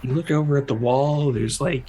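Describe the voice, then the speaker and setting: A man narrating a tabletop game as game master, in loose, halting description with many fillers. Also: mid-range voice, dark tone, rough recording.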